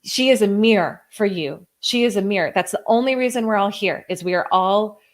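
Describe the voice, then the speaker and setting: A woman's voice: medium pitch, a little fast. A woman in her thirties hosting a live coaching stream, reading viewer comments aloud in a gushing, effusive way, full of "like" and exclamations. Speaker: host and coach.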